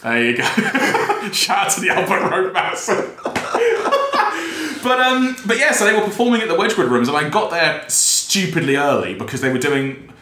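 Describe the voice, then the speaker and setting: A young man hosting a podcast, telling stories in a lively way and laughing often. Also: sits high, normal speed, noisy background. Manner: animated storyteller, acts out quotes, laughs often. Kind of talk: casual chat. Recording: roomy echo.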